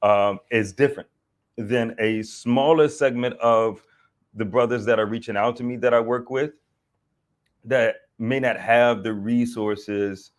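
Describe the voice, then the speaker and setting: A man hosting an online talk show at an ordinary middle pitch. He circles and restarts his thoughts, piling up fillers as he talks. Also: fairly even intonation, unhurried. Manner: rambling, many fillers and restarts, banters. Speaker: host.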